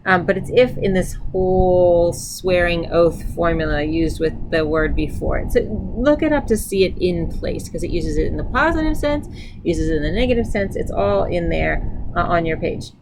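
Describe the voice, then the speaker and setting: Middle-aged female teacher, lowish voice, casual lesson, repeats words aloud, light background hiss. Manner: repeats each word aloud, chatty asides. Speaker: language teacher. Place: indoors by a sunny window.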